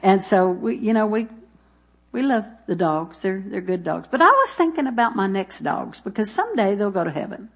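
A woman's voice: medium pitch, sing-song, moderate pace, breathy edge. A woman preaching in a church, chatty and folksy, telling homey stories and reading scripture between laughs. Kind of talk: sermon with jokes and scripture reading.

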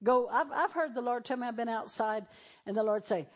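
A brisk, middle-aged woman pastor with a high, bright voice delivers a sermon. Her preaching is conversational, speaking directly to the congregation and acting out the voices she quotes.

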